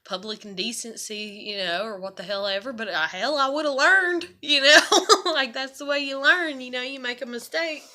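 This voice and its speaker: A woman speaks in a rambling, profane confessional vlog from her apartment. Her voice sits a little high and has a sharp, forceful edge. She leans heavily on fillers and swears freely. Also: moderate pace, hardly any pauses. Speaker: vlogger. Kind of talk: casual confessional monologue.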